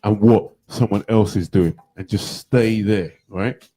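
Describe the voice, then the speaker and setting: Low mellow-voiced man in radio chat. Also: unhurried, slightly rough, low-quality recording.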